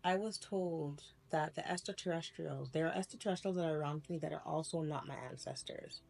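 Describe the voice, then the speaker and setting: A young adult woman talking casually to camera, telling a personal story in a rambling, animated way, often laughing and correcting herself. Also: low voice, fairly quick, vocal fry, a little hiss or hum. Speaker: spiritual vlogger.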